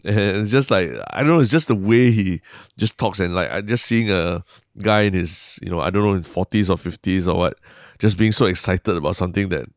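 Singaporean dude on a podcast, really low voice, dry close mic, rambly casual talk with lots of lah. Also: male voice, brisk, dry recording. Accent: Singaporean English. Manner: rambling, self-interrupting, frequent "lah" and "like". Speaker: podcast co-host.

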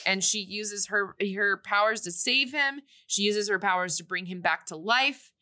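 A young woman recapping a film for her podcast, her voice bright and clear-edged. She talks in a loose, rambling way, stringing events together with plenty of fillers. Her pitch sits in an ordinary middle range. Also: normal speed. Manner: rambling, filler-heavy retelling. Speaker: podcast co-host. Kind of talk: casual movie recap chat.

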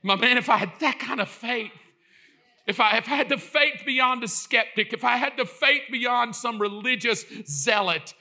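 A man preaching a sermon in an animated way, acting out the voices in his story and building to impassioned shouts. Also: extremely high pitch, normal speed.

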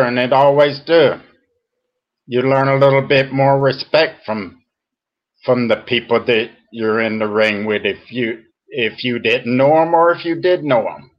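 A middle-aged man speaks as a podcast guest, unhurried and earnest. He pauses and restarts as emotion creeps in. The audio is a touch muffled. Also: medium pitch. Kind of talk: heartfelt interview talk.

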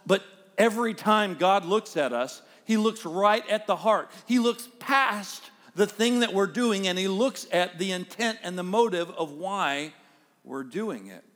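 A man with a high voice preaches a sermon, earnest and conversational. He talks straight to his listeners and tells stories along the way. His delivery is that of a pastor addressing a congregation. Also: measured pace, fairly bright tone. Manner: storytelling, acts out a child's voice and quoted speech.

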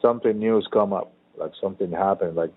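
A man's voice: low-pitched, fast talker, breathy edge. A man co-hosting a casual chat, a rambling and profane storyteller. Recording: phone-like lo-fi line.

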